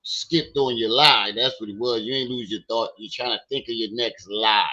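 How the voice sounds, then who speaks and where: A man with a very bright, forceful voice gives casual commentary, mocking and disbelieving as he retells a story. The stream audio sounds a little dull and lo-fi. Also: medium pitch, fairly even intonation, moderate pace. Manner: mocking, incredulous, laughing retelling. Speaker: stream host.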